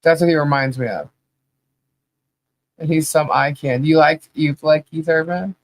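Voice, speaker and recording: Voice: mid-range voice, normal speed, no room sound. A podcast host in a casual, rambling trivia chat, laughing often as they talk.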